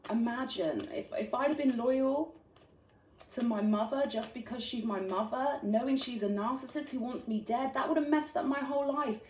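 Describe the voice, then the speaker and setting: Lady doing a heartfelt tarot reading, kinda high voice, lots of "right?". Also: a little mellow. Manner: earnest and affectionate, frequent "right?" tag questions. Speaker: tarot reader. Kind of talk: spiritual tarot reading to camera. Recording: roomy echo.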